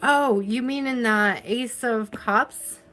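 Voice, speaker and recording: A woman's voice: fairly high pitch, a bit bright, faint music behind. A woman doing a live tarot reading, chatty and affectionate, tired and yawning, stretching out key words. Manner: chatty and affectionate, drawn-out stresses, frequent laughs. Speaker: tarot reader.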